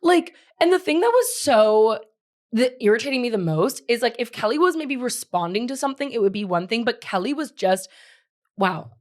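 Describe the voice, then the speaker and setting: A woman co-hosting a casual pop-culture podcast, excitable and laughing as she imitates people. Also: a little high, moderate pace. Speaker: podcast co-host.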